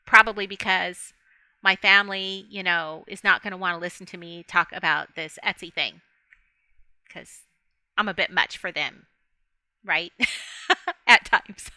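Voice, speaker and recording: Bright, chatty woman vlogger. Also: fairly low pitch, fairly even intonation, a little slow, long pauses, clean tone, no echo. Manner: chatty, rambling, laughs often, speaks to viewers directly. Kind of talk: casual rambling monologue to camera.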